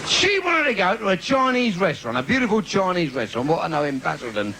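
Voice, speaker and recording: Male stand-up, London accent, bawdy crowd banter, fairly high and animated, 1980s live tape hiss. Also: quick pace. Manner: cheeky, bawdy banter with the crowd, laughing at his own jokes. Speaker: stand-up comedian. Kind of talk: live comedy club routine. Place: live theatre with audience. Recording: noisy 1980s live video.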